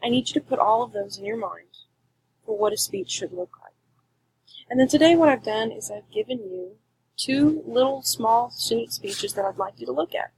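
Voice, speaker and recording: A woman teaching a class, giving clear, emphatic instructions in a recorded lecture. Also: fairly high pitch, darkish tone, low-quality recording.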